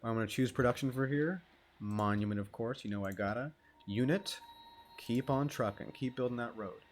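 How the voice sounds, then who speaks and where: A gamer with a mid-range voice talks at a moderate pace, giving laid-back, rambling commentary as he plays, joking around and swearing frequently.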